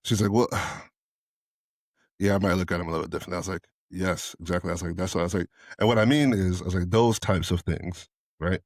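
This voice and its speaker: A man co-hosting a podcast in candid casual chat, telling animated stories, acting out both sides of conversations and swearing freely. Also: sits low, brisk, no room sound, clean studio sound. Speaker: podcast co-host.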